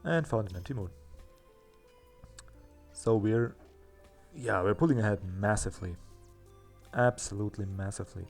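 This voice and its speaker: A man's voice: on the low side, normal speed, gravelly, long pauses, soft background music. A man hosting a let's play, chatting casually and thinking aloud as he plays, with a self-mocking manner. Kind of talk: casual gameplay commentary.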